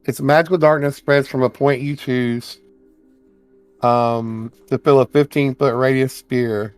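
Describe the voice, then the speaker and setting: A man casually plays a tabletop game, thinking aloud and reading out his spell rules. His voice is middle-pitched and dry. Faint music plays in the background. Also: fairly even intonation, a little slow, clean tone, no room sound. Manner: chatty, reads rules aloud. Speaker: player.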